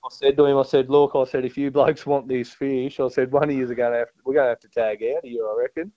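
A man's voice: mid-range voice, little pitch movement, fast, warm tone, no echo. A Tasmanian man with an Australian accent, telling a broad fishing yarn in casual chat. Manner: broad, yarn-spinning, says mate a lot. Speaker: guest angler. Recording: dull lo-fi dry sound.

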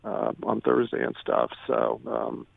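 Gravelly male golf writer phoning in to a radio show; rambling, lots of fillers and restarts, tinny dry phone line. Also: medium pitch, sing-song, unhurried, dry recording. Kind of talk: casual radio interview.

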